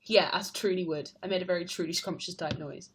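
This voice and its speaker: A woman's voice: fairly low pitch, steady tone, brisk, breathy edge. Chatty young Englishwoman on a live stream. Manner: chatty, laughs often, reads questions aloud. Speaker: stage performer live-streaming to fans. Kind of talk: casual live-stream chat answering comments.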